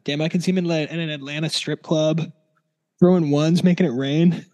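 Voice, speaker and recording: Male podcast guest, higher voice, joking, reverberant room sound. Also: steady tone, fairly quick, darkish tone, dull audio. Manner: joking, irreverent. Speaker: podcast co-host. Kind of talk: casual podcast chat.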